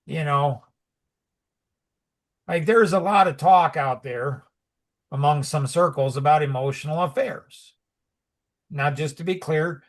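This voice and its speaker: A middle-aged man talking casually on a podcast, rambling with lots of "like" and "you know" and animated asides. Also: fairly high pitch. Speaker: podcast co-host. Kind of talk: casual conversational podcast talk.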